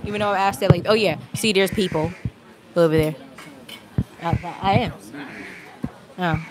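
A woman's voice: on the low side, normal speed, background noise. A woman livestreaming from an outdoor restaurant patio, chatting casually and rambling, a little out of breath, speaking into a handheld phone mic. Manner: chatty, rambling, laughs often. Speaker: vlogger. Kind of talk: casual live-stream chat. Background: crowd of people.

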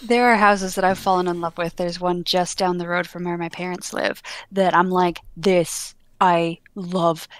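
A young married woman in casual podcast chat, speaking in a measured, articulate way. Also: lowish voice, level tone, no room sound. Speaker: podcast co-host.

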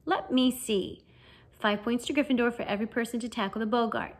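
A calm, kindly male professor giving brisk classroom orders in a raised voice, as a woman reader puts him on. The voice sits fairly high, in the manner of an audiobook character read aloud. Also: close to an everyday voice. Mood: pleased.

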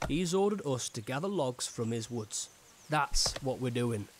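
An actor playing a gruff woodcutter foreman in a narrative game, with a Northern English accent and a blunt, curt manner. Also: mid-range voice, lively intonation, a little slow, slight background noise, natural voice. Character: gruff working-class woodcutter foreman, middle-aged.

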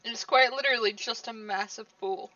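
Bright-voiced woman streamer, playful gaming chatter. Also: a little high, normal speed, no room sound, far from the mic, dull audio. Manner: laughs often, playful reactions. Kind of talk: casual gameplay commentary.

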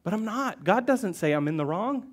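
Man, middle-aged pastor, sermon in church, slightly high voice, emotional, loud emphasis and hushed near-whispers. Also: lively intonation, moderate pace.

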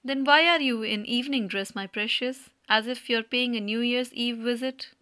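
A woman's voice: on the high side, moderate pace, sharp tone, smooth, no echo. A woman reading the part of a gushing older male landowner who showers his guest with fond names. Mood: effusive. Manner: fawning, heaps on endearments.

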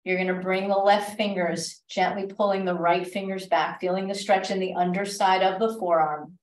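A woman instructor guiding a stretch class with calm, step-by-step cues and gentle reminders, recorded in a library class room. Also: medium pitch, normal speed. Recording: echoey room, voice from a distance.

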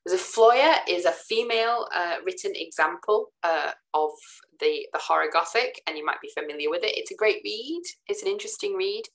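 Woman lecturer, deep voice, casual and filler-heavy, talking through slides. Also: normal speed, low-quality recording. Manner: chatty, many ums and "sort of" fillers; relaxed, casual asides to students. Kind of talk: recorded lecture over slides.

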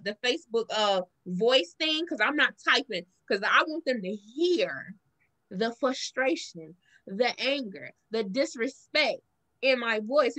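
A woman with a Southern US accent co-hosting a podcast, telling stories in casual chat and acting out the lines she quotes. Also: sits high. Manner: animated storytelling, acts out quoted lines. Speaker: podcast co-host.

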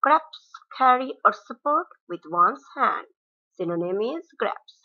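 A woman's voice: sits high, expressive. Woman teaching vocabulary. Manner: reads words and meanings in a measured classroom cadence, switching into Bengali glosses. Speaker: school English teacher. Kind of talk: slide-based vocabulary lesson. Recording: dull lo-fi recording.

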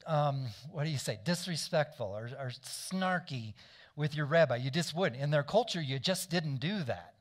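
A man preaching a sermon in a conversational way, often asking the congregation to agree and correcting himself as he goes. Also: a little high. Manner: frequent restarts and self-corrections. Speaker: pastor.

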